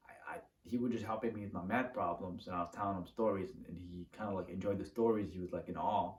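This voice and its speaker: A man telling a personal story to the camera in a casual, animated way, acting out the moves as he talks. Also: on the low side. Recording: roomy, from a distance to the mic.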